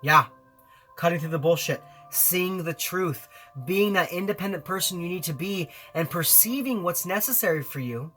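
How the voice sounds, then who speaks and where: A man's voice: fairly high pitch, lively intonation, normal speed, bright, forceful tone, faint music behind. A man giving a weekly tarot reading to camera in an earnest, encouraging way, often repeating phrases for emphasis. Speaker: tarot reader.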